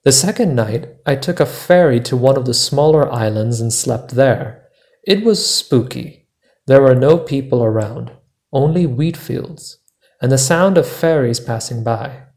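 A man hosting a podcast, narrating a personal travel story in a measured, deliberate way. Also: mid-range voice, lively intonation, darkish tone. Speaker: podcast host.

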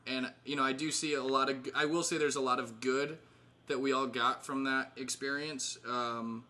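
Bright-voiced man in his thirties. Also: medium pitch, fairly even intonation, normal speed. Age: 30s. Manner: laughs often, rambling with fillers. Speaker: host. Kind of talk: casual catch-up call with old friends.

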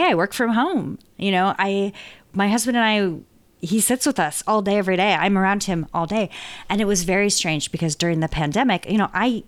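Chatty, self-deprecating woman guest. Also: fairly low pitch. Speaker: podcast guest. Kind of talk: casual interview chat.

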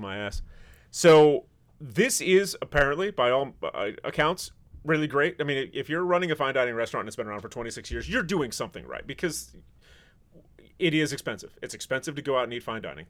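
A man's voice: medium pitch, sing-song, brisk, a bit bright. Wry, sarcastic male podcast host. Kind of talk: casual podcast chat.

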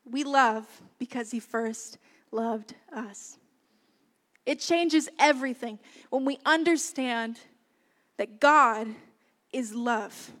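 A young woman preaching a sermon, earnest and lively. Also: a little high, takes it slowly, pauses often. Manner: earnest, lively, warm-hearted with laughs. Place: church hall. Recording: long hall reverb.

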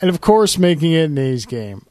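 A man co-hosting a podcast, chatting casually with a relaxed, chuckling manner and plenty of ums. His voice sits a little high for a man. It is recorded close and dry, with no room sound. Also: normal speed, no echo. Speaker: podcast co-host. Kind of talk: casual chat.

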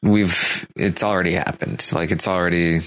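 A man's voice: low voice, steady tone, moderate pace, fairly bright tone. A man hosting a podcast, chatting casually and joking at his own expense. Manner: self-mocking, joking, apologetic. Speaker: podcast host.

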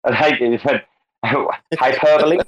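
A man hosting a casual live audio chat, excitable, swearing and quick to interrupt. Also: fairly low pitch, lo-fi sound. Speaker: host.

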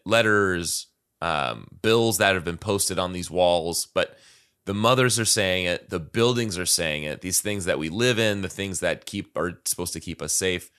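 A man's voice: deep voice, a bit bright, clear, resonant tone. A man co-hosting a casual talk show, reading song lyrics aloud and thoughtfully picking them apart with plenty of fillers. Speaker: podcast co-host discussing song lyrics. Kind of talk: casual conversational analysis.

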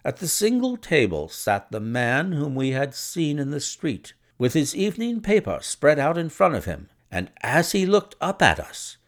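Man, audiobook narrator, expressive reading, animated pitch. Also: normal speed, few pauses. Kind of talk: scripted narration.

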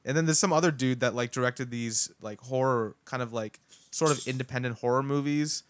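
A man's voice: medium pitch, fairly quick, smooth, no room sound. A young man hosting a podcast, talking in a laid-back, casual way with lots of fillers and swearing. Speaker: podcast host. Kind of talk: casual chat.

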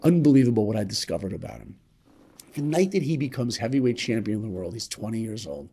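A man as a podcast guest telling a motivational story, emphatic and repetitive, swinging between loud and hushed. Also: fairly low pitch, expressive, quick pace, slightly rough.

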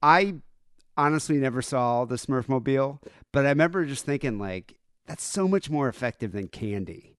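A man co-hosting a true-crime podcast, rambling through crude jokes and side stories. His pitch swings in a lively way. The sound is close and dry. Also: normal speed, clean tone, no echo. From Michigan, USA. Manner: jokey, rambling, crude humor. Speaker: podcast co-host. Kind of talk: casual true-crime chat.

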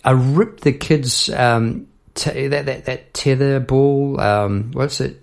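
Speaking slowly in a gravelly, medium-pitched voice, this middle-aged man is a songwriter on his own podcast. He chats casually about the craft, wandering through stories and often starting over.

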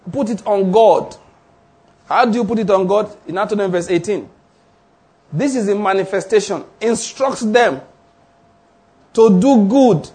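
A man preaching a sermon. He teaches emphatically, slowing down on key phrases and repeating declarations. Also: high-pitched, darkish tone, husky. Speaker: pastor.

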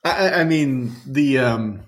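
A man's voice: medium pitch, unhurried, a crowd in the background. A man co-hosting a podcast, talking films in an enthusiastic, rambling way. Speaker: podcast co-host. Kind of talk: casual film discussion.

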